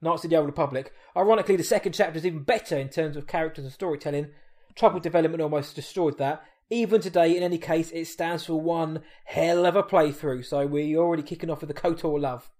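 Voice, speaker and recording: A man co-hosting a fan podcast, playful and quick to joke, reading listener messages aloud. His voice sits a little higher than most men's. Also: steady tone, darkish tone. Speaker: podcast co-host. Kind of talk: casual chat.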